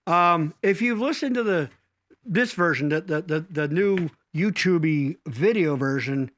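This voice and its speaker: A man's voice: fairly high pitch, animated, a bit bright, no room sound. A man co-hosting a casual live stream, rambling, swearing a lot and laughing easily. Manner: profane, rambling, quick to laugh. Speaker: co-host.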